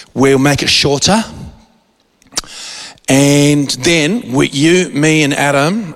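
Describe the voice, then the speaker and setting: A man preaching a sermon, telling a story in an animated way with frequent restarts. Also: medium pitch. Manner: animated, restarts often, acts out quoted voices. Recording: long hall reverb.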